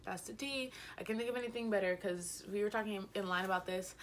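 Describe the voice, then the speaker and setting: Speaking quickly in a mid-range voice, a young vlogger rambles and giggles through a casual storytime about a concert she went to. She sounds slightly breathless and fills her speech with fillers, over a bit of background noise.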